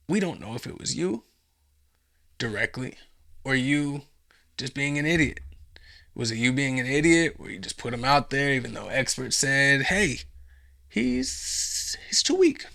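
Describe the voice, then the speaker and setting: A man's voice: mid-range voice, gravelly, bright, forceful tone. A man hosting a podcast, delivering a profane, sarcastic, rambling comedic monologue. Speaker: podcast host.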